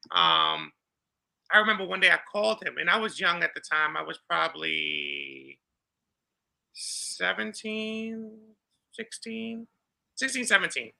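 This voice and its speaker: A middle-aged man from New York, a podcast guest telling a personal story in an animated way and acting out the dialogue. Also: fairly high pitch, a little slow, gravelly. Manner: animated, acts out dialogue with laughter. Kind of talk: storytelling in an interview.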